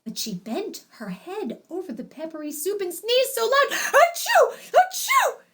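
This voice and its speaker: A woman narrating a children's storybook in an expressive, animated reading. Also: extremely high pitch, normal speed.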